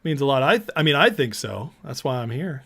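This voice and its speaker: A man's voice: mid-range voice, lively intonation, a little fast, vocal fry, fairly bright tone, slightly rough. Man, livestream host, casual chat, reads comments aloud, easygoing. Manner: chatty, reads out viewer comments and laughs along.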